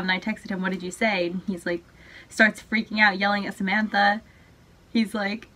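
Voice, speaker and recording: A woman's voice: medium pitch, fairly even intonation, a little fast, a bit bright. Giggly young woman telling stories. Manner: giggly storyteller. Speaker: channel host. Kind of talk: casual chat.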